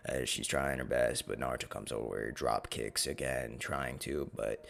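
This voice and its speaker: A man's voice: rumbling low, steady tone, normal speed, vocal fry, fairly bright tone. A man casually narrating a fan what-if story in a profane, rambling, slangy way. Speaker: channel host.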